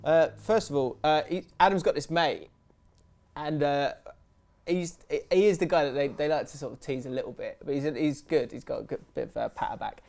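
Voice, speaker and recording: A young man, co-hosting a casual football podcast, telling stories with quick sweary asides. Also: a little high, gravelly. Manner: animated storytelling, laughs, quick sweary asides. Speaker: podcast co-host.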